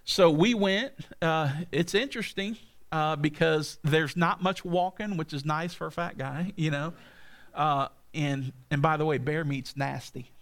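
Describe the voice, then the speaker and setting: A man's voice: a little high, a little slow, fairly bright tone. A middle-aged man preaching a sermon, telling folksy stories and checking in with listeners with frequent asides. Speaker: pastor.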